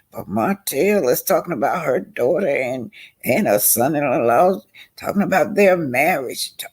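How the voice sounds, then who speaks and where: An older woman talks through a reality show in a slow, unhurried way. Her voice has a gravelly, creaky edge. She is chatty and emphatic, stretching words out for effect. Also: sits low, darkish tone. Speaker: reality TV commentator. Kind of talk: casual commentary.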